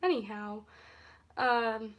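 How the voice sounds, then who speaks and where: A young woman with a somewhat high voice chats through a storytime vlog into her phone at home. She rambles, drifts off topic and laughs often as she talks. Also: slow. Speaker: vlogger. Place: at home, indoors.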